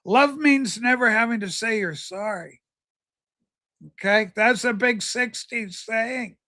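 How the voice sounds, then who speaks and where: Livestream host, male, high and bright voice, rambling jokey chatter with viewers. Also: slow pace. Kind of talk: casual livestream chat reading viewer comments.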